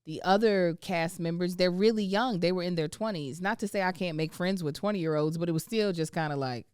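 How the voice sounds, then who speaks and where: Woman podcast host reading ads like she's just chatting, playful little asides, smooth clear voice. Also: fairly low pitch, brisk, a little mellow, no echo, clean studio sound. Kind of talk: casual ad reads and chat.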